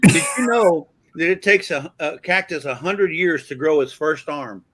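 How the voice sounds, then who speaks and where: A man's voice: on the high side, a little slow, fairly bright tone. A man hosting a casual chat show, an enthusiastic, folksy storyteller. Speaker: host of a live chat show.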